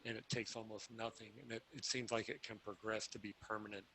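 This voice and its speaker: A man's voice: fairly low pitch, little pitch movement, fast talker, gravelly, sharp tone, low-quality recording. A man in an online class asking the teacher a thoughtful question over a video call. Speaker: class participant.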